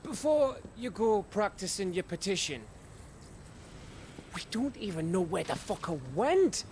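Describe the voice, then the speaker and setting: A blunt, foul-mouthed soldier talks in a high, very lively voice. He drawls slowly and swears often. Faint noise sits under the game audio. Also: full character voice. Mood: exasperated.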